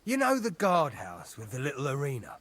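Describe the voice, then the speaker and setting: A scheming, ominous castle servant. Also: male voice, medium pitch, wildly swooping pitch, a little fast, a bit bright.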